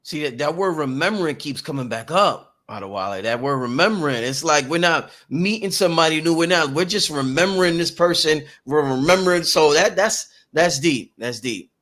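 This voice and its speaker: A man in his thirties hosting a casual podcast, telling stories in an animated, slangy way with lots of repeats. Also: on the high side, moderate pace, hardly any pauses. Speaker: podcast host.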